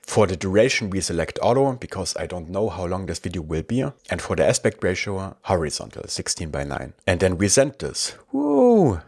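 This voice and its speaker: A man with a German accent, casually walking viewers through a software tutorial with dry asides. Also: low voice, animated, a little fast, few pauses, breathy edge. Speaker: tech reviewer. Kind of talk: screen-recorded software tutorial.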